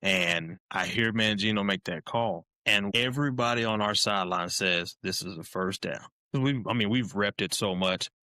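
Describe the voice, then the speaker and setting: A man's voice: lowish voice, normal speed, hardly any pauses, clear, resonant tone, no echo. A man, a former college football player, telling casual stories as a podcast guest and often adding "man". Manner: animated, keeps saying "man". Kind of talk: casual storytelling.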